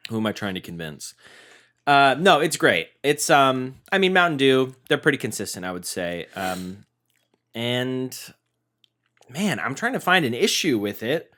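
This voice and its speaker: A man's voice: mid-range voice, measured pace. A man co-hosting a snack review podcast, chatting casually and cracking playful jokes. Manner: jokey, playful, animated bits. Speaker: podcast co-host. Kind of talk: casual food review chat.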